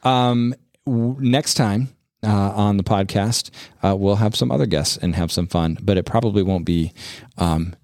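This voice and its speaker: A man's voice: on the low side, moderate pace, darkish tone, no echo, clean studio sound. A middle-aged man hosting a church podcast, chatting casually with children in an easygoing way, chuckling often, with many fillers and restarts. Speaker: pastor and podcast host.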